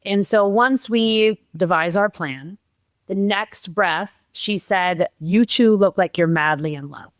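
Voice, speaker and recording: A middle-aged woman telling her own story as a podcast guest, animated and acting out the lines of other people, tearful at moments. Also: medium pitch, no room sound. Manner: animated, acts out quotes, laughs while telling. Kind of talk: emotional personal storytelling.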